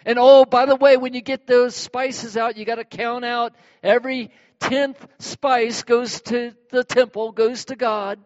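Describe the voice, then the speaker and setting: A male pastor preaching a sermon in a lively, animated way, acting out everyday examples. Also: measured pace, few pauses. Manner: animated, acts out examples with sudden high bursts. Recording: dull sound with long hall reverb.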